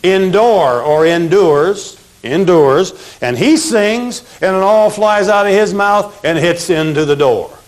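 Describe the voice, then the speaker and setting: A man teaching a memory lesson from pictures, animated and punny, having his audience repeat phrases after him. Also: mid-range voice.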